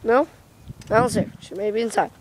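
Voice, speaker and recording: A chatty young woman with a fairly high voice, talking casually into a handheld camera for her vlog. She is giggly and swears offhandedly. A faint hiss of wind and noise sits behind her. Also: quick pace. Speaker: vlogger. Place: kitchen, then outdoors in a windy yard.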